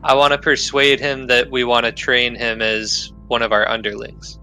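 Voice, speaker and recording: Bright-voiced man playing a tabletop game. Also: mid-range voice, level tone, moderate pace, faint music behind, poor audio. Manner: eager and persuasive, often restarting. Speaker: player.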